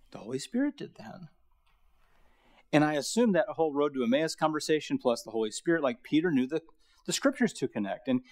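A middle-aged man giving a Bible lecture to a college audience, talking in a casual, storytelling way with many fillers. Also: a little high. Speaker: guest lecturer.

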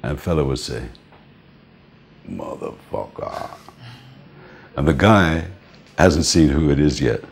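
Very deep-voiced older man telling stories. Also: normal speed, slightly rough. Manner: animated storyteller, laughs often, acts out the people he quotes. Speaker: music manager interviewed. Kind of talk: anecdotal interview storytelling.

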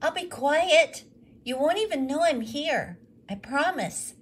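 A woman's voice: expressive, takes it slowly. A woman doing an eager little boy. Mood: pleading. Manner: high, pleading, breathless.

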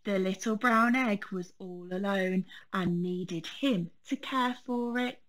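A woman teacher reading a children's storybook aloud, gentle and expressive. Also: medium pitch, takes it slowly.

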